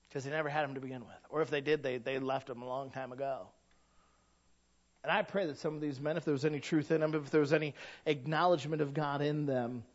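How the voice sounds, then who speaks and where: A man's voice: fairly high pitch, dull audio. A man preaching a sermon in a conversational way, asking rhetorical questions and building to emphatic peaks. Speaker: pastor.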